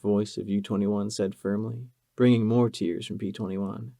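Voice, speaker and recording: A male narrator reads a dramatic audiobook in a measured way. His voice is dark and gravelly, and the recording is dry and close. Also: lowish voice, little pitch movement, dry recording.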